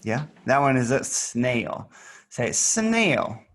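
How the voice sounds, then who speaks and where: This man's mid-range voice is fairly bright and very animated, and he takes things slowly. Teaching a child English online, he stays patient and playful, saying words for the child to repeat and tossing in small sound effects while holding up pictures.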